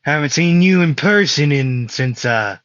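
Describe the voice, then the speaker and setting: A man voicing a sneering, menacing adult male villain in a higher, strained voice with laughs. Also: expressive, measured pace, fairly bright tone, dry recording, highs cut off.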